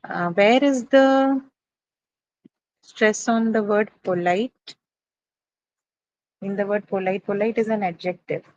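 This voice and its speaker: A woman teaches an English class about syllables and word stress, speaking in a classroom. She keeps checking in with her students with "right?" and fills pauses with "uh". Her voice sits at a middle pitch. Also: darkish tone, no room sound, dull audio.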